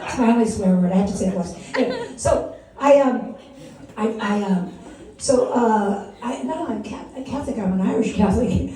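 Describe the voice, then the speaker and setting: Recorded from afar in an echoey small comedy club with crowd noise, an older comedian from Wisconsin, in her sixties, rambles through a self-deprecating set and cracks herself up. She speaks at a moderate pace in a slightly high voice.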